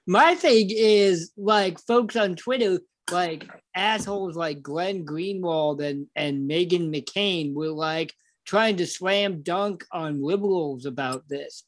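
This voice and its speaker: A man's voice: sits high, takes it slowly, fairly bright tone. A man co-hosting a political podcast, talking casually and bluntly with plenty of swearing. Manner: blunt, profane. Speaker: podcast co-host.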